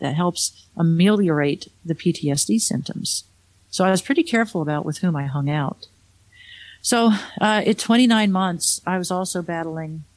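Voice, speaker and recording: A woman's voice: lowish voice, no room sound. A middle-aged woman, an author, telling a personal story in a candid, conversational way with wry asides. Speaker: author and speaker.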